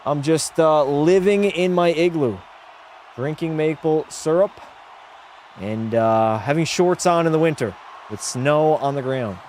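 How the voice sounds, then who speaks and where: A man's voice: on the high side, unhurried, a little mellow, a little hiss or hum. Blunt young man streaming hockey. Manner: opinionated, blunt, reads chat aloud. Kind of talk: casual live-stream chat. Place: home room.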